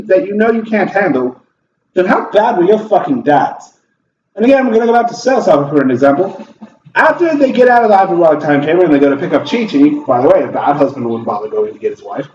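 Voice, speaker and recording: A high-voiced man delivers an impassioned, cursing rant while he plays a game. He sounds set back from the microphone in an echoey room. The sound is dull, with a faint hum underneath. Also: darkish tone, far from the mic. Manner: heated, profane, impassioned ranting. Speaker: gaming channel host. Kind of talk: ranting commentary while playing a game.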